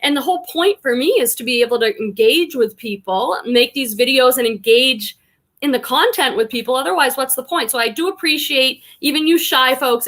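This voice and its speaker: A Boston woman with a fairly high-pitched voice hosts a relaxed live stream as an online reseller. She reads the chat aloud and warmly greets viewers one at a time.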